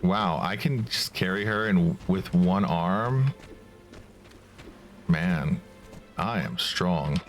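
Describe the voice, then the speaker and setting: Relaxed male streamer, low voice, slow easy pace. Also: soft background music. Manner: relaxed, reads game dialogue aloud. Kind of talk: casual gameplay commentary.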